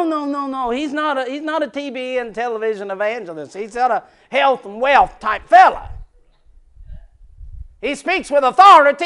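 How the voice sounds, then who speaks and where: A man preaching a folksy sermon, moving from hushed near-whispers to loud shouts. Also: very high-pitched. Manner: folksy, laughs between points. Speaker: pastor.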